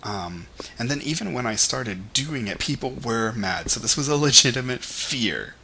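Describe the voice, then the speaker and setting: A man's voice: medium pitch, animated, normal speed, creaky, bright, forceful tone, slight background noise. A young man talking in a casual vlog monologue, rambling and candid, with lots of "like" and "you know". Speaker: vlogger.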